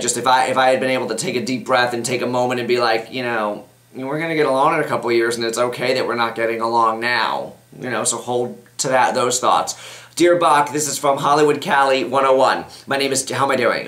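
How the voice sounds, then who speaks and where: A man's voice: mid-range voice, a bit bright, echoey room. A man hosting an advice show, reading out viewer letters and answering them in a chatty, rambling way, often restarting his sentences. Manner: chatty, rambling, self-interrupting. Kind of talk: casual advice chat.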